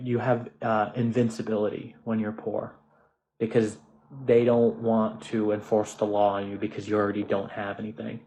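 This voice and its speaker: A man's voice: medium pitch, mellow, low-quality recording. A man in his twenties with an American accent, ranting in a casual monologue, swearing often and restarting his sentences. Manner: profane, restless, frequent restarts and fillers. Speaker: vlogger.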